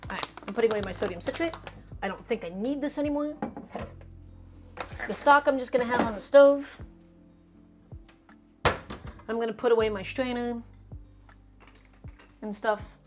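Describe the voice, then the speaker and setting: A woman streaming herself cooking, chatty and emphatic as she talks to her viewers like friends. Her voice sits a little on the high side, with soft music playing quietly underneath. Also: normal speed, pauses often. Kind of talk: casual live cooking stream chat.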